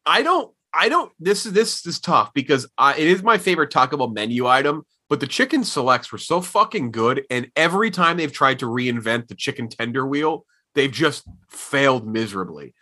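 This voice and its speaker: A man hosting a casual podcast chat and running the panel's vote, animated with quick restarts. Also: mid-range voice.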